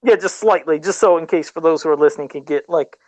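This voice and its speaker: A man co-hosting a casual podcast, talking excitedly with laughs and rambling restarts. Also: a little high, fast, dry recording. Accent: says he has an accent. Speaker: podcast co-host.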